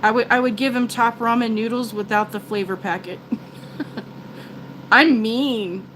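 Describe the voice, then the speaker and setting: Older woman host, talkative and rambling, a touch high-pitched, faint background noise. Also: fairly even intonation, moderate pace, fairly bright tone, low-quality recording. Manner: chatty, self-described talker, many restarts. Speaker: live stream host. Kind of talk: casual rambling chat.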